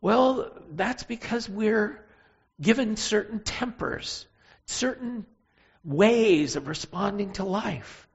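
A preacher giving a sermon, telling a Bible story with emphatic, animated delivery and pauses. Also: medium pitch, creaky, slightly rough, muffled recording.

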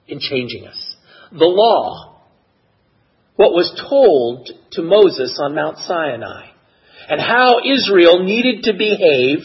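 A man preaching a sermon in an expressive, measured way that builds to emotional emphasis. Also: sits high, breathy edge, highs cut off. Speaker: pastor.

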